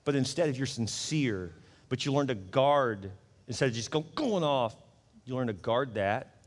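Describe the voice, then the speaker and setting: A man's voice: medium pitch, lively intonation, normal speed, long reverb tail. A middle-aged man preaching a conversational sermon as pastor, acting out the voices he quotes.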